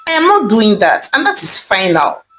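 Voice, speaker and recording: A woman's voice: mid-range voice, huge pitch swings, normal speed, a bit bright, faint music behind, poor audio. A woman voicing a scornful young lawyer daughter, who mocks and dismisses what she hears. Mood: mocking. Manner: mocking, dismissive, laughing.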